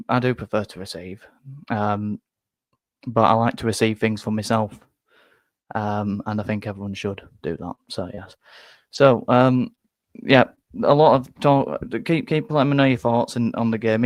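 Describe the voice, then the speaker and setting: A man's voice: lowish voice, normal speed, dry recording. Rambling man hosting a football live stream. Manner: rambling, self-deprecating, many restarts. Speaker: football fan channel host. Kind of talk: live stream match reaction.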